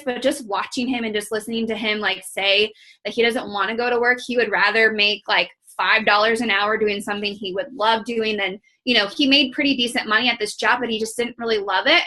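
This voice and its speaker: A woman's voice: fairly high pitch, steady tone, brisk, bright, forceful tone. A young woman from Iowa, a fitness coach, talking on a team call in a chatty, candid, motivational way with many fillers. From Iowa, United States.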